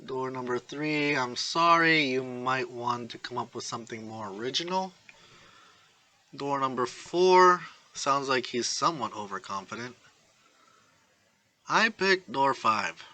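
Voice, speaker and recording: Man reading a shy soft-spoken teen hero boy, bright tone, fan story. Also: mid-range voice, animated, measured pace. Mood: hesitant.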